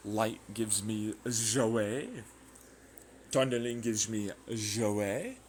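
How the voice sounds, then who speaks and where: A man voicing a synthetic brain in a mock French accent, talking slowly and haltingly in short declaimed phrases. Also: on the low side, steady tone, a little mellow, slight background noise. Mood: dreamy.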